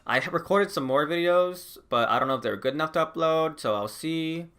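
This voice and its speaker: A man's voice: on the high side, a little fast, fairly bright tone, clean tone, soft background music. A young man in his late teens or early twenties, vlogging in a rambling casual chat, full of "like" and laughs. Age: young adult. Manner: rambling, heavy use of "like", frequent laughs.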